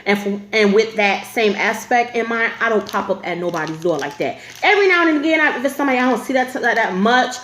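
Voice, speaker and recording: A woman's voice: on the high side, lively intonation, fast, few pauses, fairly bright tone, echoey room, slight background noise. A woman telling a story to camera in a casual storytime vlog, blunt and profane, with lots of filler.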